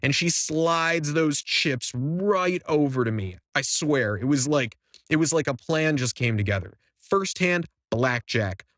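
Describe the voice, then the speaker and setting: A young man hosting a podcast, telling a casual story with animated quoted voices. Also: a little high, unhurried, no room sound, studio quality. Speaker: podcast host.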